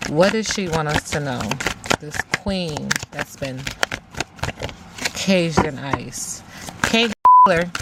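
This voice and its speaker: A woman's voice: sits low, takes it slowly, pauses often, heavy background noise. A woman giving a casual spiritual tarot reading, emphatic, talking aloud to spirit and repeating phrases. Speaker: tarot reader.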